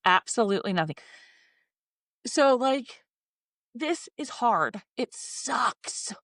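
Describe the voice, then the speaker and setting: Woman, forties, raw and candid podcast talk, swears, voices her own thoughts; slightly high, close and dry. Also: animated, takes it slowly, fairly bright tone, no echo. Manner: emotional, swearing, acts out her own inner dialogue. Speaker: podcast co-host. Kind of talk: candid personal chat.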